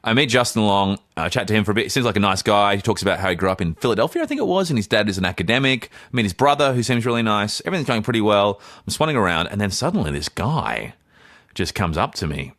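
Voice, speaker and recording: A young Australian man with a low, deep voice tells a long, rambling story on a podcast. He keeps correcting himself and acts out what others said. The room is dry and close. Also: very animated, quick pace, a bit bright, no echo. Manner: rambling, self-correcting, acts out quoted dialogue. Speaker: podcast co-host. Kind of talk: casual anecdote storytelling.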